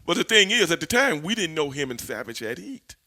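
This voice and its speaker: A man, a former wrestler, telling stories as an interview guest in an animated, profane way, laughing as he goes. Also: a little high, fairly quick. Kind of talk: storytelling in a shoot interview.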